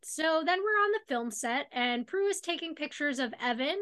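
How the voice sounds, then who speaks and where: Woman co-host, bright and a bit high, chatty episode recap. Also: animated, normal speed. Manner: chatty, lots of "like". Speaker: podcast co-host. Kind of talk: casual recap chat.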